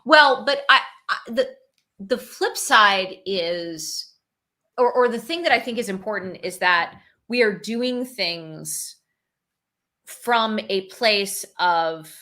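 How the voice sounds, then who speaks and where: A woman business founder talks as an interview guest with a bright, crisp tone. She reasons out loud in a casual way and keeps slipping in "like" and "you know". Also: medium pitch, animated, slow. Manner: thoughtful, fillers like "like" and "you know". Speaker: guest, company founder and CEO. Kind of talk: conversational interview.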